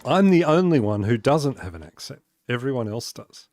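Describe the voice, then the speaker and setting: A man's voice: mid-range voice, very animated, normal speed, a little mellow. An Australian man chatting casually on a live game stream, talking to viewers and laughing often. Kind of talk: casual gaming stream chat.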